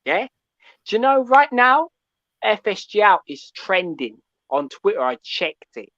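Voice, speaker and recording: A man calling in to a fan show, ranting in an animated, preachy way and often asking "yeah?". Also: high-pitched, a little slow, no room sound, dull audio. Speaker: caller. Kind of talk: call-in fan rant.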